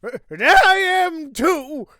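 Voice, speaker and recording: A man voicing a touchy, loud old male juror in a video game playthrough. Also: very high-pitched, animated, drawn-out words, voice pushed up, heavily acted. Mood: defiant. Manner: shouting, indignant. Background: game music.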